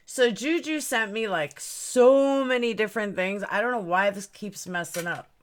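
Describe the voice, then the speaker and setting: Hosting a relaxed livestream, a woman greets her viewers by name and rambles about her stream settings, which she tinkers with in a puzzled way. She speaks at a medium pitch and a moderate pace.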